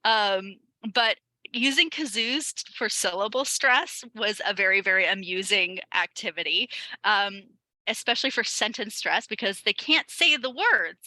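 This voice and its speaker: Bright, chatty woman presenting a webinar. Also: medium pitch, dry recording, rough recording. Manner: chatty and upbeat, with frequent ums and laughs. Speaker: ESL teacher leading a teacher webinar.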